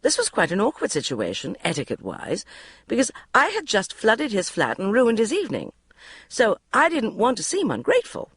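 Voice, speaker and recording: A woman reading a first-person diary audiobook in a wry, expressive way. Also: medium pitch, moderate pace, breathy edge, no room sound, studio quality. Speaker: audiobook narrator.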